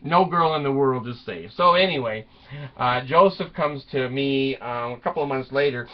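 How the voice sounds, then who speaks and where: A man's voice: medium pitch, moderate pace. A man telling a comic story with voiced quotes, rambling with fillers and laughing often. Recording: dull lo-fi recording.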